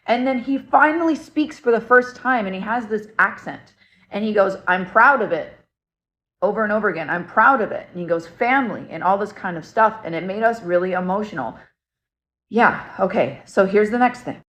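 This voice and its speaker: A young woman earnestly telling a personal story to camera in a casual, excitable way, full of fillers. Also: mid-range voice. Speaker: paranormal storyteller.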